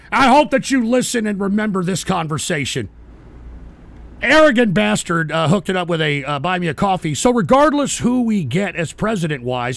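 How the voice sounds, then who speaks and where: A man hosting a live stream, yelling and swearing at his audience in an angry political rant on a close mic. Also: high-pitched, gravelly, dry recording. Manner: shouting, swearing, berating his chat. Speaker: host of a live call-in stream show.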